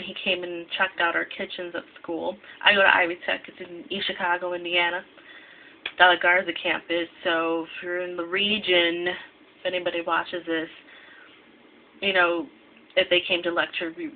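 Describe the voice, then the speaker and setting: A young woman from the American Midwest, a culinary student, talking casually to her camera, tired and half asleep, rambling and correcting herself often. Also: lowish voice. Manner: rambling, many restarts and self-corrections. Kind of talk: casual vlog talk to camera. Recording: tinny lo-fi with faint hiss.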